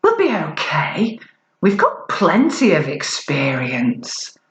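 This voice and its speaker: A woman's voice: low voice, wildly swooping pitch, slow, reverberant, voice pushed down, full character voice, poor audio. A woman voicing a glib young royal wife, talking in a chirpy, mock-upbeat, teasing way. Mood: mock-cheerful.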